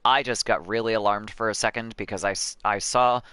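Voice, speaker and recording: A man's voice: on the low side, steady tone, brisk, bright, forceful tone, clear, resonant tone, no echo. A man chatting casually as he plays a video game on stream, talkative and swearing freely. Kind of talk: casual gameplay commentary.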